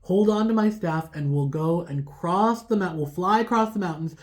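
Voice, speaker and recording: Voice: medium pitch, moderate pace, close to an everyday voice. A casual storyteller voicing an old male wizard, talking in a plain, everyday way. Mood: yearning.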